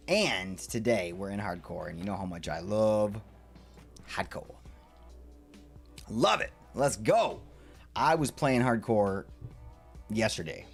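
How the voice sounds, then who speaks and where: A man chatting playfully with his viewers while streaming a building game, often jumping into sudden high squeals. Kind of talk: live game stream chat.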